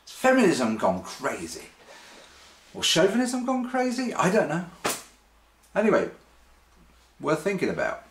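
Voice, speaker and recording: A man's voice: sits high, wildly swooping pitch, a little slow, pauses often, slight background noise. A man rambling wryly to camera in his kitchen, hesitant and full of ums and restarts. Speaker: vlogger. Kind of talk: casual rambling monologue. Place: home kitchen. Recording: roomy kitchen echo.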